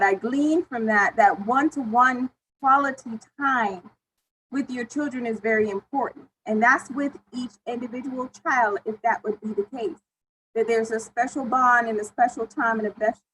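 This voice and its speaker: A woman moderating a panel discussion with a slightly high voice. She speaks in a measured, affirming way. A faint hum of noise sits under her voice. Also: fairly bright tone, low-quality recording.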